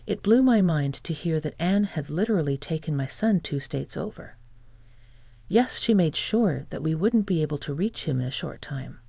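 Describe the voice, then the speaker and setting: A woman's voice: sits low, vocal fry, mellow, no room sound. A woman giving first-person narration of a family drama story in a plain-spoken, dramatic way.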